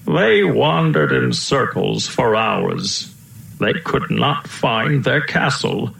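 A man narrating a children's storybook aloud in a steady, storytelling way, in a roomy-sounding recording. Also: medium pitch, slow, creaky. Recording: roomy echo.

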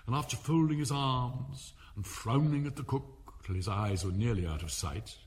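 A man reading a storybook aloud as narrator, telling it in an expressive, animated way. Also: mid-range voice, moderate pace.

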